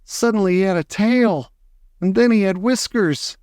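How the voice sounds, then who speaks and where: A man reading a children's novel aloud with expressive, animated storytelling. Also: high-pitched, moderate pace, smooth, dry recording, clean studio sound. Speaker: audiobook narrator.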